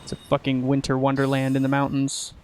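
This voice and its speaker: A man's voice: mid-range voice, completely flat delivery, a little fast, a little mellow, a little hiss or hum. A young man from Texas chatting casually and joking with profanity while playing a game. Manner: joking, profane, laid-back. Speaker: gaming streamer. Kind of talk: casual chat while gaming.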